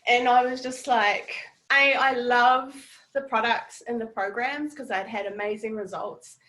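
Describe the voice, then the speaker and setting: A woman's voice: fairly high pitch, steady tone, measured pace, sharp tone, poor audio. A woman from New Zealand with a New Zealand accent, giving a heartfelt, gushing testimonial on a group video call and swearing casually. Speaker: network marketing team leader.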